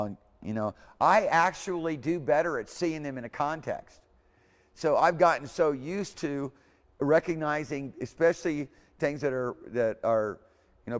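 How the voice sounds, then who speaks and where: Guy lecturing a class, chatty and rambling, keeps correcting himself, echoey lecture hall. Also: medium pitch. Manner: rambling, informal, self-correcting, repeats words aloud for students. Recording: hall reverb.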